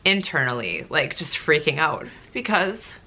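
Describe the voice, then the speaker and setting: A woman's voice: low-pitched, big pitch swings, measured pace, gravelly, bright, forceful tone. A young woman chatting through a casual Q&A vlog, emotional and close to tears at times, with lots of fillers. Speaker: nurse and vlogger.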